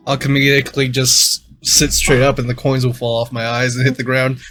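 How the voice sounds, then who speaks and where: A man's voice: mid-range voice, flat delivery, fairly quick, fairly bright tone, faint music behind. A man playing a tabletop game, wry and comedic, laughing through his lines.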